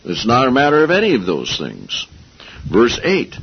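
A man's voice: mid-range voice, huge pitch swings, moderate pace, slightly rough. A man preaching a sermon, talking casually with sarcasm and rising into emphatic outbursts. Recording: dull lo-fi audio.

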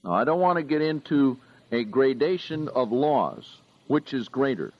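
A male preacher delivering a sermon in a slow, deliberate way, leaning on each word of the scripture he reads. His voice sits at a middling pitch, and the recording sounds dull and lo-fi. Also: big pitch swings, no echo.

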